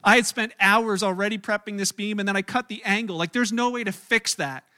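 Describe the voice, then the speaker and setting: A middle-aged man, a pastor, preaching a sermon through animated, self-mocking stories with acted-out quotes. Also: high voice, fairly quick. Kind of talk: storytelling sermon.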